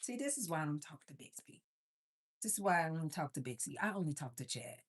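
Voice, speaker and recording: Low-pitched and husky, this livestream host talks briskly while cooking on a casual stream. She tells lively stories and keeps addressing her audience as "you guys."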